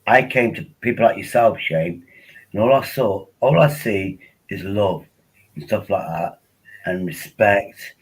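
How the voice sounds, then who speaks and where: Low husky man rambling. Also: rough recording. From England. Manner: rambling, joking, repeats himself. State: tipsy on wine. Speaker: livestream host. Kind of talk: casual livestream chat.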